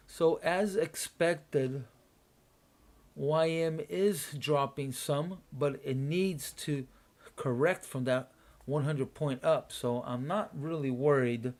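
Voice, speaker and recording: A man streaming his trading session, thinking aloud in a casual, unhurried way with pauses and restarts, sleepy and yawning. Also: on the high side, a little mellow. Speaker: day trader streaming a live trading room.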